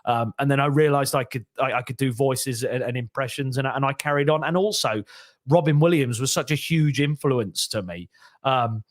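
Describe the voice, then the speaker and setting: A man's voice: mid-range voice, normal speed, dry recording, studio quality. A man, a comedian and impressionist, chatting as a podcast guest, rambling with frequent restarts and self-deprecating remarks. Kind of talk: casual podcast interview.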